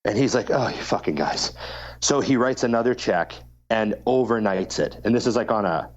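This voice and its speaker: A man's voice: fairly low pitch, a little fast, lo-fi sound, slight background noise. A man co-hosting a podcast, telling a long story in casual chat and swearing freely. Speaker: podcast co-host.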